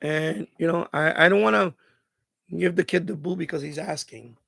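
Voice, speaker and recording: A hoarse man with a raspy, heavily gravelly voice hosts a live stream in loose, casual chat. He sits fairly high for a man and sounds dry and close. He rambles through advice, leaning on "you know" and frequent restarts. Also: normal speed, fairly bright tone, no echo. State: hoarse, voice going after hours of talking.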